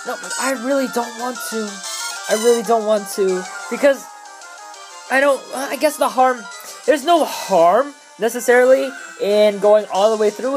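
A young man doing excitable gameplay commentary, swearing a lot and shouting in glee. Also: high voice. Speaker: let's play commentator.

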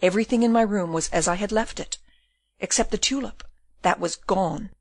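A woman's voice: mid-range voice, moderate pace, no echo, natural voice. A woman doing a tearful frightened girl. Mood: distraught. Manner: sobbing, pleading.

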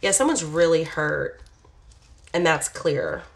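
A woman with a low voice talks through a tarot reading in a loose, chatty way. She is blunt and candid, sighs often, and swears casually as she goes. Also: lively intonation, takes it slowly, heavy background noise. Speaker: tarot reader.

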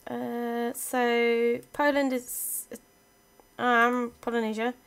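A woman's voice: a little high, little pitch movement, very slow, smooth. A young woman chatting casually through her strategy game, talking to her units as she plays. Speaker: let's play gamer. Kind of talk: casual gameplay commentary.

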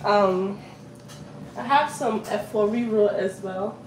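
A young woman from Africa chats effusively and emotionally on a live cooking stream at home, calling out sharply to her children. Her mid-range voice is slow and a little mellow in this casual vlog chat. The room is echoey and the background noisy.

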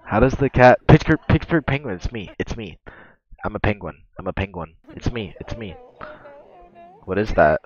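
A man reacting to meme videos as a streamer, excitable and cursing often, bursting into laughter. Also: lowish voice, moderate pace. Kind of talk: casual reaction commentary. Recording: dull lo-fi mic.

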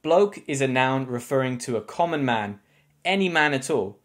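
A man with a British English accent, an English teacher giving a scripted slang lesson with clear explanations and wry asides. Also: mid-range voice, expressive, normal speed, soft background music. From England.

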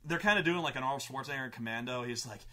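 A man, host and game master, telling a tabletop campaign story in an excitable, profane way with many restarts. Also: medium pitch, racing.

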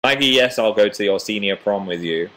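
A man's voice: on the low side, a little fast, pushed and bright. A young man in his twenties casually chatting on a home livestream, reading viewer comments aloud with self-deprecating humor. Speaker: livestream host.

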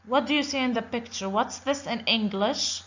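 In a dull lo-fi recording, a woman at normal speed uses a slightly high, somewhat bright voice. She's teaching kids about letters, repeating each word with patience and asking the class questions.

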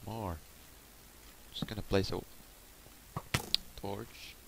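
A man's voice: on the low side, fairly even intonation, drawn-out words. A man giving casual gameplay commentary, chatting to the monsters on screen, swearing freely and sometimes dropping to a murmur. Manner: chats to game monsters, swears, drops to a murmur. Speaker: Let's Play host. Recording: clear background noise.

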